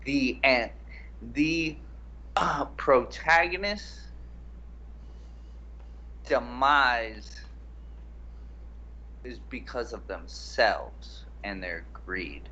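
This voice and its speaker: A man co-hosting a casual film breakdown chat, making a measured, deliberate argument. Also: mid-range voice, pushed and bright, dull audio. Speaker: co-host.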